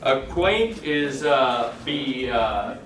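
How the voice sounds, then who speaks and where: A man leading a class, reading a vocabulary list aloud in a halting way, with many filler sounds and pleas to the class for help. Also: medium pitch, big pitch swings, noisy background. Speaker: class leader. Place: classroom with a group of students. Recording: roomy class recording from far off, with a crowd behind.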